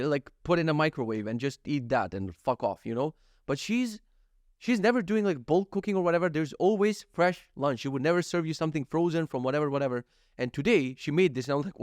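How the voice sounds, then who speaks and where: Vlogger, male, 30s, slightly high voice, profane and animated storyteller, dry close recording. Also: no room sound. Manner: animated, profane, acts out his own thoughts and quotes. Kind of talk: casual storytelling monologue.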